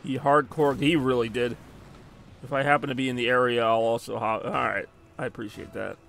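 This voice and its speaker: Between plays of a live-streamed car soccer game, a man answers his chat in a rambling, joking, casual way. His medium-pitched voice is steady in tone, a bit bright, fairly quick, and carries vocal fry.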